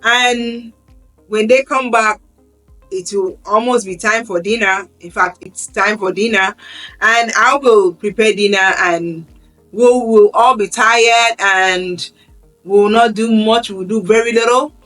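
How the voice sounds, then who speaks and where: A woman talks to camera about raising her children, earnest and conversational, often circling back to restart a phrase. Her voice sits in a middle pitch. She is set a little back from the mic, with quiet music running underneath. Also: steady tone, unhurried. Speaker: parenting vlogger. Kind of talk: casual talk to camera. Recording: slightly distant mic with faint background music.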